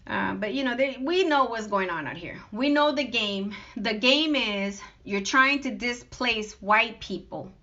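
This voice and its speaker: A woman's voice: fairly high pitch, a little slow, hardly any pauses, sharp tone. A woman vlogger speaking off the cuff, aggrieved and emphatic, piling up long lists of complaints. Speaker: vlogger addressing critics. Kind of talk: unscripted monologue. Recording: dull lo-fi recording.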